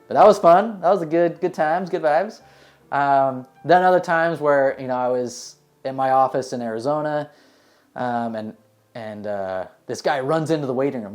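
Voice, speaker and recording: Relaxed rambling man telling work stories. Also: medium pitch. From United States. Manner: relaxed, rambling, many "you know" fillers. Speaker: dentist. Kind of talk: casual interview answers, storytelling.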